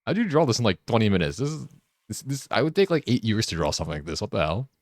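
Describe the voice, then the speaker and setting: A man streaming a game, chatting casually, joking and laughing often, and getting excited as he rambles. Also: lowish voice, rapid-fire, no room sound, studio quality. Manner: gets excited and rambling when riffing. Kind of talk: casual live-stream chat while gaming.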